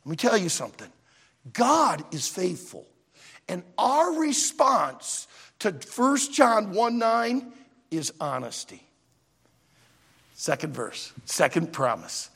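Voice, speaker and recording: A man preaching a sermon in a church auditorium, an animated, emphatic storyteller, with long hall reverb. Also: high voice, takes it slowly, vocal fry, long pauses, breathy edge. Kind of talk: sermon with a told joke.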